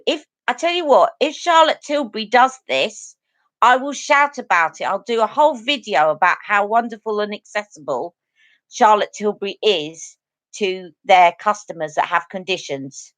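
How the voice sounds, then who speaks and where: A woman's voice: mid-range voice, a bit bright, dry recording. A woman hosting a beauty live stream, chatting earnestly and directly to her viewers. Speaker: beauty channel host. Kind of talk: casual live-stream chat.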